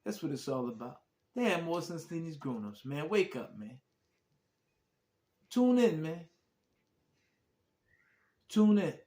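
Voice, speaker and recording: A man's voice: a little high, mellow. A man hosting a podcast, talking in a repetitive way and calling listeners "man" as he signs off. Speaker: podcast host. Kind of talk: emotional podcast sign-off. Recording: echoey room.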